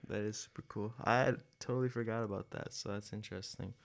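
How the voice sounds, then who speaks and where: A man's voice: on the low side, steady tone, fast talker, creaky, dry recording. A young man hosting a podcast, chatting in an easygoing, hesitant way. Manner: easygoing, hesitant, chuckling asides. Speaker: podcast host. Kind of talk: casual chat.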